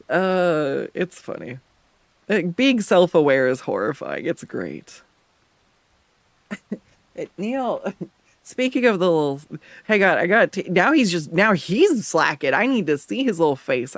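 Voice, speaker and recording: A man with a slightly high voice chats casually while he draws on a livestream. He laughs often and jokes about himself. The sound is dry and close, from a desk microphone. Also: no room sound. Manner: laughs often, self-mocking and chatty. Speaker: art streamer. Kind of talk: casual chat while drawing on stream. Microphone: desktop USB condenser mic.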